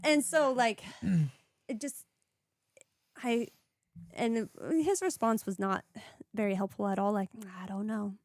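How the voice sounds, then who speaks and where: A woman's voice: a little high, expressive, slow pace, pauses often, dry recording. A young woman guest on a podcast, telling her own story in a casual, earnest, rambling way, full of "like" and "you know". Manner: earnest, rambling, heavy use of "like". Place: podcast studio.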